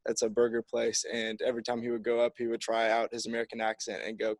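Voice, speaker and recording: A man's voice: fairly low pitch, monotone, fast talker, no echo. A young man, a college football kicker, answering press conference questions in an upbeat, easygoing way. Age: young adult.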